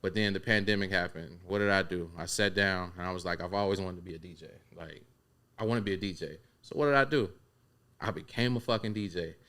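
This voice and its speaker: A man who works as a barber and DJ, talking earnestly in casual chat, often halting and repeating words as he makes his point. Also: low-pitched, fairly bright tone.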